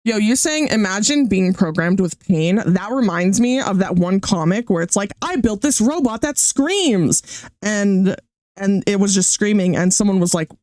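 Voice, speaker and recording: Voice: medium pitch, moderate pace, a little mellow, no echo. Streamer riffing on a robot video, goofy and rambly, dry close mic. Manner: jokey, rambling, laughs often. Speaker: VTuber streamer reacting to a video. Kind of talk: casual reaction stream.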